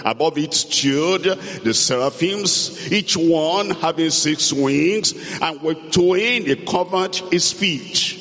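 A man preaching a sermon as pastor, reading scripture aloud and building to emphatic, loud preaching in a church hall. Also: a little high, animated, slow pace, hardly any pauses. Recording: long echoing hall reverb.

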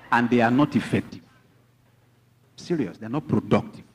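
A man's voice: medium pitch, normal speed, dark tone, slightly rough. A man with a Nigerian accent, preaching a sermon as pastor, mixing teasing asides to the congregation with emphatic teaching.

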